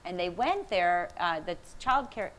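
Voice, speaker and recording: A woman's voice: lowish voice, big pitch swings, measured pace, slight background noise, rough recording. Woman giving an anecdotal conference talk. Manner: warm anecdotal, laughs often, quoting others. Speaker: speaker, researcher on empathy. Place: conference room.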